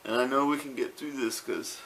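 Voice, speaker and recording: A man's voice: mid-range voice, fairly even intonation, fairly quick, a bit bright, a little hiss or hum. A man talking casually to a home camera, rambling with fillers and repeated words. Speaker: vlogger. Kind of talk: casual home video talk.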